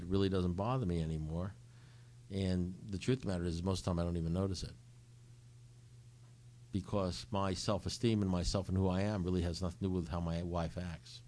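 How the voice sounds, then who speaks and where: Man, middle-aged, low voice, recovery-share storyteller who acts out both sides of conversations. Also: darkish tone. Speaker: recovery speaker. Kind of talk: recovery talk to a group.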